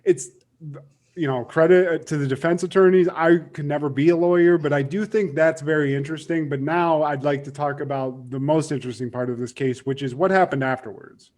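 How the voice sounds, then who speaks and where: A young man talks on a podcast in a casual, excitable way, his voice sitting a touch higher than most men's. He swears freely and slips into other voices as he retells a story. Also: a little fast. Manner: animated, swearing, acts out quotes. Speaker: podcast co-host.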